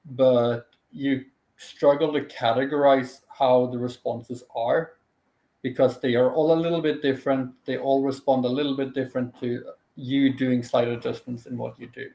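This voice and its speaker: Man, co-host, thoughtful and halting, echoey room sound. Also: mid-range voice, steady tone, gravelly, dark tone. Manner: thoughtful, hesitant, wanders in sentences. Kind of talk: casual chat.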